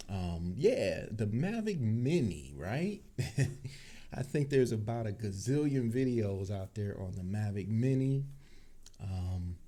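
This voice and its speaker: A tech channel host from Cleveland, Ohio, chats casually on a livestream into a desk microphone, laid-back, talkative and laughing often. His low voice is mellow with a deep, bassy weight.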